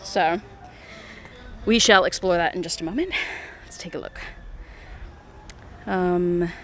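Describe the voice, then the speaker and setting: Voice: medium pitch, slow pace, a bit bright. A streamer chatting casually while playing a mobile game live, walking outdoors through city streets with a phone. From United States. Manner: chatty, giggles often, many fillers.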